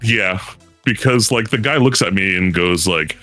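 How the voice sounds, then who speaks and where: A man with a very low, bright-edged voice talks loosely, with plenty of fillers and playful impressions. The sound is dry and close, with faint music underneath. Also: measured pace, dry recording. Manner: rambling, lots of fillers, playful mimicry. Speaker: panel guest. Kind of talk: casual panel chat.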